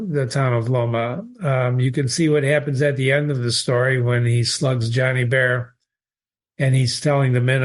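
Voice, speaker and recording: A man talking casually through a short story as a literature teacher, answering emails from viewers, wandering into asides and reading passages aloud. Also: mid-range voice. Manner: conversational, digressive, with restarts and asides. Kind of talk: casual spoken literary analysis.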